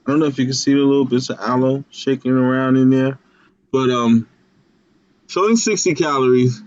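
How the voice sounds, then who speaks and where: A man's voice: mid-range voice, brisk, a little mellow, no echo. A man co-hosting a casual live stream, rambling with many fillers and restarts over a video call. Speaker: co-host. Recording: dull lo-fi video call audio.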